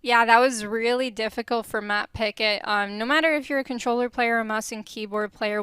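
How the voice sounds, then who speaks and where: Smooth-voiced female esports analyst. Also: medium pitch, fairly bright tone, no room sound. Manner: friendly, chatty, many fillers. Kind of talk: casual analyst commentary.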